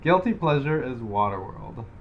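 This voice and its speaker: A man's voice: medium pitch, lively intonation, moderate pace, vocal fry, lo-fi sound, slight background noise. A young man co-hosting a podcast in casual chat, rambling with lots of fillers and self-deprecating asides. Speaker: podcast co-host.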